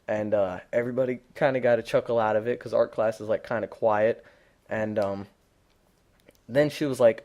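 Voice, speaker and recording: A man's voice: fairly low pitch, steady tone, a little fast, a little mellow. Rambling teenage boy gamer. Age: teens. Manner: rambling, blunt, many fillers and restarts. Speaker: gaming commentator. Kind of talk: unscripted gameplay commentary.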